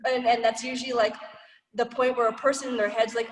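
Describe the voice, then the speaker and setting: A woman teaches grappling technique over a video call, relaxed and chatty, with lots of filler words and little acted-out quotes. She sounds distant from the microphone, and the room gives her voice a long, echoey tail. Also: fairly high pitch, fast. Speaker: martial arts instructor. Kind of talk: online class instruction. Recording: roomy, echoey, far from the mic.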